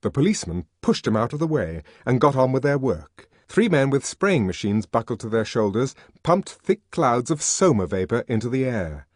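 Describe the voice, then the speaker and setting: A man narrating an audiobook with a dramatic, expressive reading. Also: medium pitch, moderate pace, hardly any pauses, no room sound, clean studio sound. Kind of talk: scripted narration.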